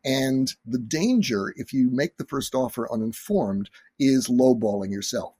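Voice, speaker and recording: Husky-voiced man telling negotiation stories. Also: mid-range voice, unhurried, dark tone, no echo. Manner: earnest storyteller, acts out quotes. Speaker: negotiation professor, podcast guest. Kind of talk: expert interview answers with stories.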